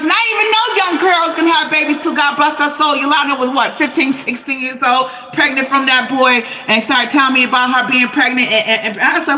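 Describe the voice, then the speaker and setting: A woman's voice: high-pitched, brisk, hardly any pauses, pushed and bright, a little hiss or hum, low-quality recording. A woman talking to her live-stream viewers in a passionate, preachy monologue, firing off rhetorical questions. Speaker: livestream host.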